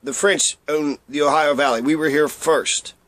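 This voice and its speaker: A man with a high voice tells history in a loose, irreverent way, dropping blunt asides and tripping over names before trying them again. It is a dry recording, close and with no room sound. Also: fairly even intonation, moderate pace, a bit bright, no echo. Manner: stumbles over and repeats names. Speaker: history presenter. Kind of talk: casual spoken history lesson.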